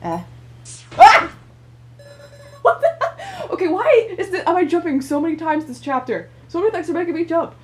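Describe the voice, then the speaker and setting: A woman's voice: very high-pitched, very animated, normal speed, a little mellow. A young woman doing let's play commentary on a horror visual novel. She jumps easily, laughs often and talks back to the characters.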